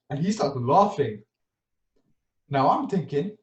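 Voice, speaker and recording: Recorded lo-fi from a distant mic in a roomy space, a young man co-hosting a podcast tells a casual story at a measured pace. His voice is a little high, and he animatedly performs the scenes, ending lines with "yeah?".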